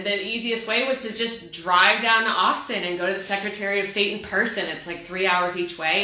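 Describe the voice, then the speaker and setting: A woman from Texas with a faded Texas accent, chatting casually as a podcast host, laughing easily and swinging her pitch up and down. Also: pushed and bright, reverberant. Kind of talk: casual chat.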